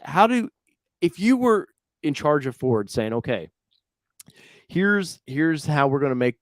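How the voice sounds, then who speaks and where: A man of ordinary pitch co-hosting a casual car livestream. He rambles, jokes and corrects himself mid-sentence. His voice sounds very dry, close to the mic with no room sound. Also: dry recording. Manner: rambling, self-correcting, jokey. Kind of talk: casual live chat.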